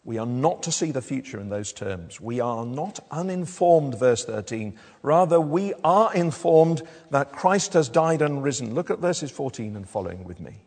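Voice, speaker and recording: A man's voice: mid-range voice, very animated, moderate pace, hardly any pauses, darkish tone. A man preaching a sermon in a conversational way, asking his listeners tag questions and often restarting his words. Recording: long hall reverb.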